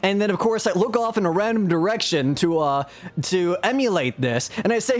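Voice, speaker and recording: A man's voice: high voice, animated, a little fast. A man streaming live, telling a story in a casual, self-mocking way and chuckling as he talks.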